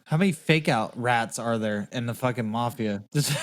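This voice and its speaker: A man's voice: medium pitch, moderate pace. A man co-hosting a casual podcast, joking around and swearing often, laughing at his own bits. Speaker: podcast co-host.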